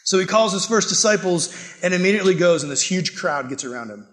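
Young male youth pastor, casual and animated sermon, fairly high voice. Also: fast. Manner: casual, animated youth preaching with acted-out quotes.

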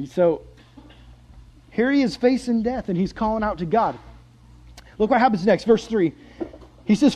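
A man preaching a sermon, joking with the congregation and acting out scripture, dropping to soft asides and rising to loud emphatic lines. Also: high-pitched, animated, brisk, husky, rough recording.

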